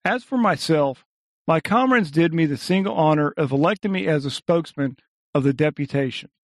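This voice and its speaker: Suave male thief orator, read by a man, polite, measured, dry sound. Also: on the high side, lively intonation, dry recording. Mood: courteous. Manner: elegant, courteous, measured speech. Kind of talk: audiobook reading.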